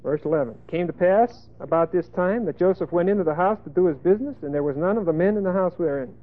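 A male preacher giving a folksy sermon, emphatic, with sudden loud bursts and asides. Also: high voice, fast. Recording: tinny phone-like lo-fi sermon tape.

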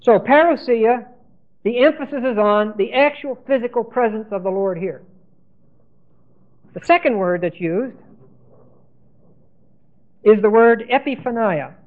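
Male Bible teacher, higher voice, repeats and spells terms, tinny old recording. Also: normal speed, pauses often. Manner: spells out Greek words letter by letter, repeats key terms. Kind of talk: Bible lesson sermon.

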